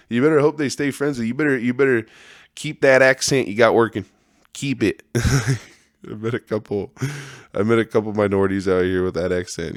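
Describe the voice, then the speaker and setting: A man's voice: mid-range voice, steady tone, moderate pace, dry recording, clean studio sound. A man hosting a podcast, talking in a rambling, profane monologue and laughing often. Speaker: podcast host.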